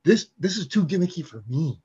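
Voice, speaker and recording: A man co-hosting a casual podcast, excitable and quick to swear, often restarting his sentences. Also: on the high side, breathy edge, lo-fi sound. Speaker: podcast co-host. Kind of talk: casual wrestling chat.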